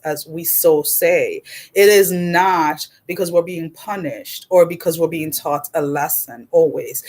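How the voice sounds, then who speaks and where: A woman in her forties chatting casually on a livestream as a card reader, her voice sitting a little low. She talks in an animated, blunt way, laughing often and swearing without fuss. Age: 40s.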